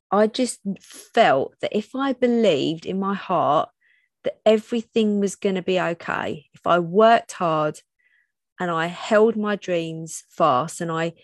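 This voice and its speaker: A woman's voice: on the low side, dry recording, studio quality. A woman in her thirties hosting her own podcast, talking openly and personally with frequent restarts. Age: 30s. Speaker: podcast host. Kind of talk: solo podcast monologue.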